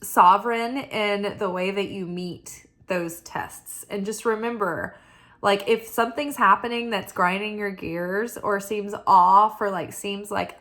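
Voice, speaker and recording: A woman's voice: medium pitch, steady tone, measured pace, a bit bright. A tired woman hosting a weekly oracle forecast, chatting casually and mocking herself, with many "like"s. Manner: chatty and self-mocking, lots of "like". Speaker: spiritual oracle reader. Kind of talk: casual chat.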